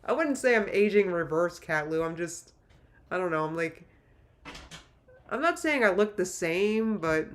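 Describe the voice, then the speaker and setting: A woman's voice: lowish voice, lively intonation, measured pace, long pauses. Emotional rambling woman livestreamer. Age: late 30s. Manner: rambling, emotional, many restarts. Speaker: YouTuber livestream host. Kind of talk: casual livestream chat reading comments.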